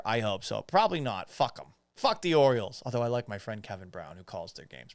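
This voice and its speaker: A man's voice: medium pitch, animated, normal speed, few pauses, clear, resonant tone, dry recording. Blunt, profane male sports podcast host. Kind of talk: casual sports talk, reading viewer comments.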